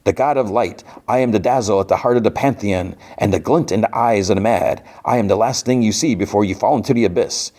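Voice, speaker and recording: A man's voice: lowish voice, brisk, hardly any pauses, mellow, voice pushed up, natural voice. A man voicing a living cartoon showman who is secretly a menacing god of light, with a gleeful, theatrical sing-song delivery. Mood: gleefully menacing. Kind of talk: podcast recap with acted quotes.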